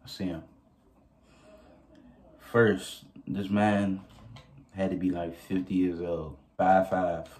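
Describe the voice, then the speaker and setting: A young man telling a story casually to his viewers, animated and profane, often laughing as he goes. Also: sits low, takes it slowly, pauses often. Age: young adult. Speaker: vlogger.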